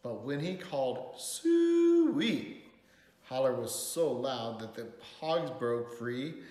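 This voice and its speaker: A man reading a picture book aloud in an expressive, lilting way. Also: mid-range voice, unhurried. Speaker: storyteller. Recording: roomy hall reverb.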